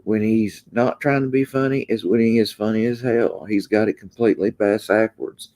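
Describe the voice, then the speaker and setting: A man's voice: on the low side, steady tone, moderate pace, a little mellow. A man hosting a casual livestream, reading viewer comments in a laid-back drawl that trails off with frequent ums. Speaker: livestream host.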